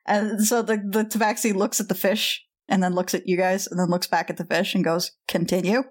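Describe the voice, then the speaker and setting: A woman running a tabletop role-playing game, describing scenes in a relaxed way with frequent laughter and restarts. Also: medium pitch, brisk. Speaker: game master.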